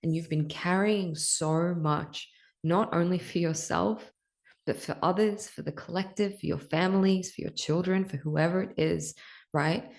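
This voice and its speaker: Woman, young adult, low voice, gravelly, candid spiritual podcast talk, swears and laughs. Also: fairly even intonation, unhurried, darkish tone. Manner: raw, emotional, swears casually, laughs often. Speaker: podcast host.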